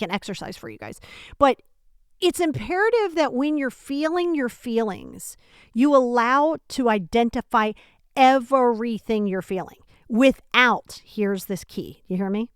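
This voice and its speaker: With a smooth, medium-pitched voice, a woman hosts a self-help podcast from home. She talks casually yet emphatically to the listener, often asking rhetorical questions, and the recording is studio quality with no room sound.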